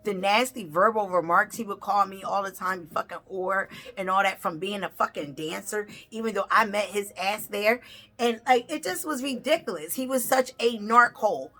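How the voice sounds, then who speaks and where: Blunt, foul-mouthed woman with a bright voice. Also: medium pitch, normal speed. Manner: blunt and heavily profane; animated, acts out the people in her story. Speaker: tarot reader and vlogger. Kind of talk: candid personal storytelling.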